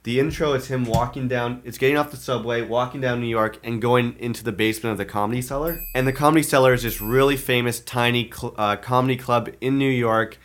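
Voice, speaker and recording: A man's voice: mid-range voice, steady tone, quick pace, few pauses, a bit bright, slight background noise. A young man co-hosting a podcast, explaining a new segment in easygoing casual chat. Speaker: podcast co-host.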